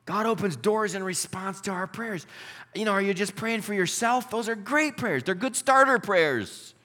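Guy preaching in a church, high voice, acts out the characters, big echoey room. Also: normal speed. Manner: animated, voices characters in stories. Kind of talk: sermon storytelling. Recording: reverberant hall.

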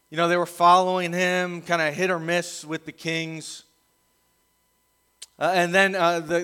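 Middle-aged male pastor, slightly high voice, conversational sermon delivery, acts out quoted lines. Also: fairly bright tone, clear, resonant tone, big-room sound.

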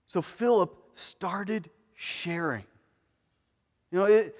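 A man delivers a conversational sermon, his voice sitting a bit high for a man. He leans hard on some lines and drops to near quiet on others. A long reverb trails each phrase, as in a large church hall. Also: extremely slow, pauses often. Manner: conversational preaching, swings from emphatic to hushed. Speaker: pastor.

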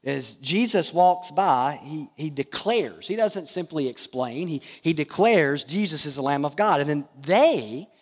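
High-voiced man preaching in a hall. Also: expressive, measured pace, hardly any pauses, a little mellow, breathy edge. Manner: earnest, emphatic preaching with rhetorical questions. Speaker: pastor. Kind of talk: sermon.

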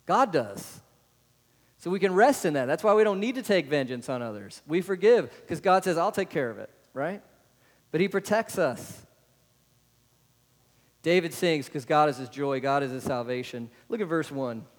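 Male pastor, questioning the congregation, a bit high-pitched, with a long church reverb. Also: animated, normal speed. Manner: asks the congregation many rhetorical questions, adds "right?". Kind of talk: sermon. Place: church sanctuary.

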